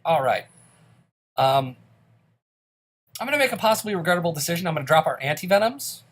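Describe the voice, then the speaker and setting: A man's voice: high voice, very animated, quick pace, a bit bright. A man hosting a let's play, giving casual commentary on his gameplay in an upbeat, chatty way and explaining each choice he makes.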